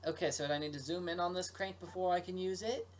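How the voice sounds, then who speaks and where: A man's voice: high voice, steady tone, fast, a little hiss or hum. A man giving playful let's play commentary, joking and breaking into silly sung rhymes. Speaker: video game streamer. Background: game music.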